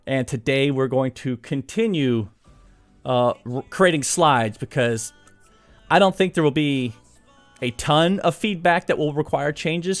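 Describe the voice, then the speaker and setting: A man chatting casually on his live stream. He laughs often and pokes fun at himself, with faint music behind him. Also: mid-range voice. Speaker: live streamer and course author. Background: faint background music.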